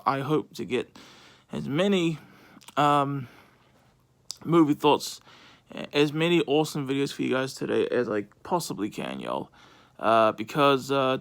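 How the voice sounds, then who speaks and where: A man's voice: mid-range voice, vocal fry, fairly bright tone. A man giving casual movie thoughts in a vlog, rambling with lots of fillers and restarts. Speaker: movie reviewer.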